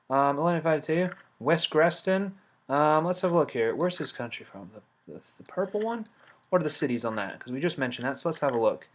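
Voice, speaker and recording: A man's voice: medium pitch, a bit bright, a little hiss or hum. A man giving let's play commentary, talking himself through each step and scolding the game's characters in mock outrage. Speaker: game commentator.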